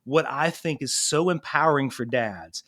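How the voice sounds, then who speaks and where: A middle-aged man, a parenting coach, talking in a casual interview and telling stories with lively, acted-out quotes. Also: medium pitch, normal speed. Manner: animated storytelling, acting out quoted voices.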